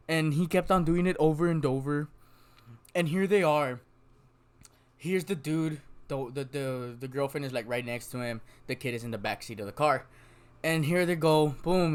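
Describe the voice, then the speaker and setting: A man's voice: mid-range voice, smooth, no room sound. A young man, hosting a casual podcast chat and telling stories animatedly. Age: young adult. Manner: animated storyteller, bursts into loud laughter. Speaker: podcast host.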